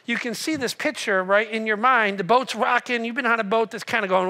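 A man preaching a sermon as pastor, telling a story with lively acted-out voices and questions to the congregation. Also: very high-pitched, brisk, hardly any pauses. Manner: animated storytelling, acts out voices, asks the room questions.

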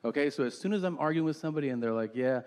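A man in his forties doing a crude, deadpan stand-up comedy set on a theater stage, acting out quotes in his stories. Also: on the high side, rapid-fire. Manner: brash, crude, deadpan storytelling with acted-out quotes.

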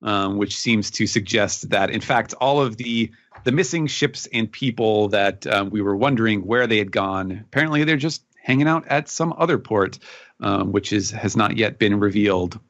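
A man's voice: on the low side, moderate pace, a bit bright, muffled recording. A man on a podcast recapping a comic chapter casually, hesitant and full of fillers. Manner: rambling, filler-heavy, hesitant. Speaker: podcast panelist.

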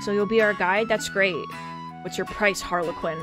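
A woman's voice: mid-range voice, moderate pace, music in the background, natural voice. Brief: woman playing a polite, eager young mouse hero, earnest and chatty.

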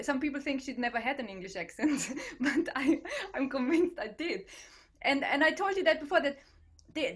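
A woman's voice: sits high, a bit bright, slightly rough. A woman hosting an online comedy show over a video call, talking hesitantly with many fillers and giggling often.

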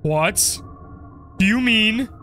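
A young man commenting on his game play, joking and getting excited as he goes. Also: high-pitched, drawn-out words, soft background music. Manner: jokey, excitable, role-plays as the character. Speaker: gaming video creator.

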